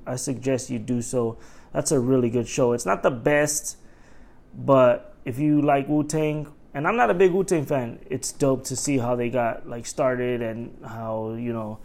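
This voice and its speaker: A middle-aged man hosting a casual solo podcast, ranting in animated, profane stories and acting out what people said. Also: medium pitch, moderate pace, creaky. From Los Angeles area. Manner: animated, profane storytelling with acted-out quotes. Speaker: podcast host.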